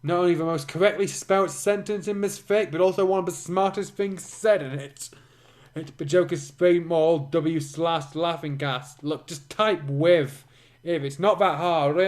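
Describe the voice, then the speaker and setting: A man's voice: on the high side, darkish tone. A man sarcastically reading a badly written fan story aloud, commenting in a dry, mocking tone. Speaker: reader and commentator.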